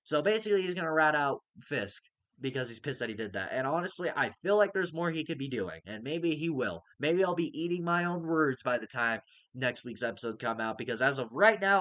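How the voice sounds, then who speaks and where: A man's voice: mid-range voice, fairly bright tone, no room sound. A man giving a casual, rambling review of a TV episode, with many fillers and casual swearing. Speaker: TV show reviewer.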